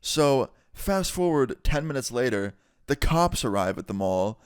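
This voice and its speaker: A young man casually telling a story, swearing often and retelling it in an animated way. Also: mid-range voice, unhurried, clear, resonant tone, no room sound, studio quality. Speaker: vlogger. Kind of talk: storytime vlog.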